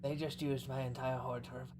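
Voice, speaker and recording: A man plays his character in a tabletop game, swearing freely and joking. His voice is mid-pitched, with faint noise behind. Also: flat delivery, brisk. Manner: profane and playful. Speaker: player. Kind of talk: tabletop role-play in character.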